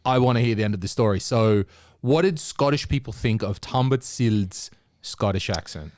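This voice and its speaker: A man's voice: lowish voice, expressive, normal speed, a little mellow, dry recording. Male podcast host, chatty and analytical, dead-dry recording. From Australia. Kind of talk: casual chat.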